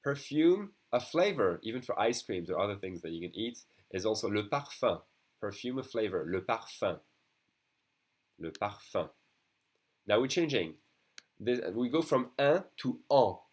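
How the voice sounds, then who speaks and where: A young man from France with a French accent, teaching a beginner language lesson and patiently repeating words slowly for practice. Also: fairly low pitch, expressive.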